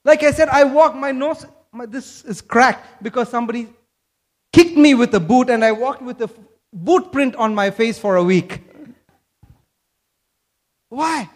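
A man's voice: very high-pitched, a little slow, pauses often. A man from Kerala, India, preaching a sermon and asking the congregation questions. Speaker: pastor.

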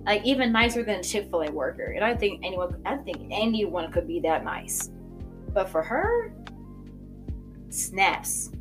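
A woman tells stories in a loose, chatty way, often laughing and leaning on fillers like "like" and "you know." Her voice sits at a middle pitch, with faint music in the background. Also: very animated, a little slow. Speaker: podcast host and coffee shop worker. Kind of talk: casual storytelling chat.

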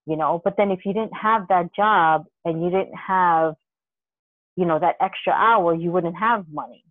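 A podcast co-host chatting casually, telling rambling, animated stories with many restarts and the odd curse word. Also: mid-range voice, measured pace, no echo. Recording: dry, tinny phone-line sound.

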